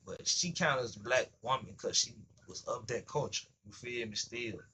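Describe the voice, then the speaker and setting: At a moderate pace and medium pitch, a male livestream host rambles casually over background noise. He's blunt, slangy and profane, performing both halves of everyday dialogues.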